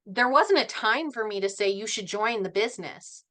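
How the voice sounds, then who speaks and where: A middle-aged woman speaking at a team meeting, animated and passionate, laughing often as she talks. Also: medium pitch, moderate pace. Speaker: network marketing team member.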